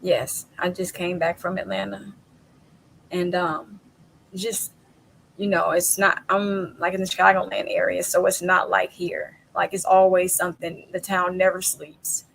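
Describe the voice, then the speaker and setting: Chatty gravelly-voiced woman host. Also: lowish voice, flat delivery, measured pace, a bit bright, slight background noise, low-quality recording. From southern United States. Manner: chatty, laughs often, acts out quotes. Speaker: podcast host. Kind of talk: casual interview chat.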